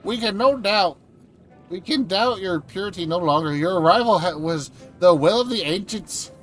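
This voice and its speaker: A man's voice: sits high, expressive, moderate pace, faint music behind, voice pushed up. A man voicing a solemn old tribal elder in a game, reading grandly with a put-on Southern accent that drifts Irish or Scottish. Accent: wobbly put-on Southern US drifting Irish or Scottish. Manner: grand, ceremonial reading aloud.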